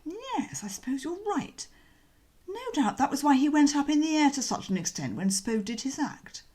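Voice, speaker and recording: Woman doing a chirpy young toff, high and bouncy, swoops all over, audiobook. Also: moderate pace. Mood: breezy. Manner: bouncy, lively, slangy. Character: cheerful young gentleman, breezy and chatty. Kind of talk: audiobook character reading.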